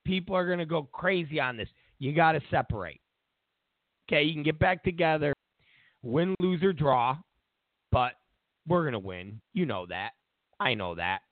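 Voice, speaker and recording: A man's voice: on the high side, expressive, moderate pace, long pauses, dry recording, natural voice. A man voicing a brusque female politician who gives impatient orders, without much change from his own voice. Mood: bossy. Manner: bossy, impatient. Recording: tinny phone-like line, dry.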